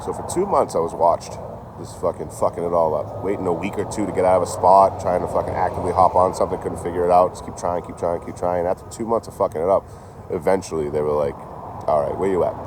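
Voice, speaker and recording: Deep-voiced rambling man, outdoor street noise. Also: steady tone, quick pace. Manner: rambling, profane, laughs between thoughts. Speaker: train-hopping livestreamer. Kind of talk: casual live stream chat. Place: outdoors in town near a store.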